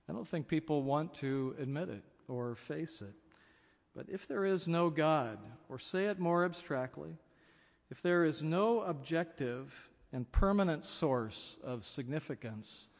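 A man's voice: mid-range voice, in a large hall. A man preaching a reflective sermon, earnest and thoughtful, often building up to emphatic questions. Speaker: pastor.

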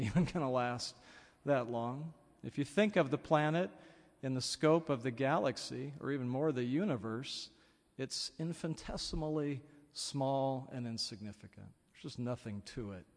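A man's voice: mid-range voice, big-room sound. A man preaching a reflective sermon, earnest and thoughtful, often building up to emphatic questions. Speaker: pastor.

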